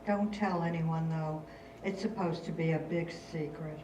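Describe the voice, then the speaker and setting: Older lady reading a snarky rich girl, slow and theatrical, echoey far-off hall. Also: sits low, steady tone, dark tone, slight background noise. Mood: sardonic. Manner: sardonic, theatrical. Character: wry, rebellious rich girl writing letters. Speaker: actor in a staged reading. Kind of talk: stage reading of letters. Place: stage in a hall. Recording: roomy, distant hall recording.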